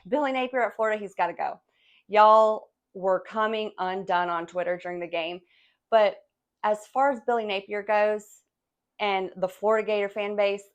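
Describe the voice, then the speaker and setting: A woman vlogger tearing into the week's sports results in a casual rant. She is blunt and profane, calls her viewers y'all, and keeps the delivery animated and emphatic, breaking it up with sighs and laughs. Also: medium pitch.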